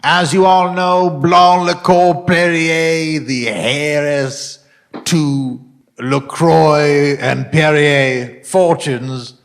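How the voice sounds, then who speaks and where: A man's voice: on the high side, steady tone, very slow. A man hosting an improvised comedy sketch, playing a bossy, theatrical scheming boss. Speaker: host.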